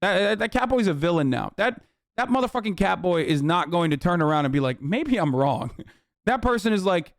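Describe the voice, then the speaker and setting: A man's voice: high-pitched, lively intonation, fairly quick, no room sound, clean studio sound. A man hosting a livestream, reacting in casual, profane, heated commentary with a mocking edge. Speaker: streamer host.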